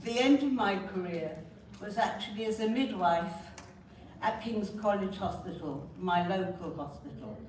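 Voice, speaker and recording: A woman's voice: mid-range voice, measured pace, a little mellow, a little hiss or hum. A woman with a North London accent giving an earnest personal talk at a conference, often breaking off with apologetic asides. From North London, England. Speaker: conference speaker. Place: conference hall. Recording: very echoey hall, distant mic.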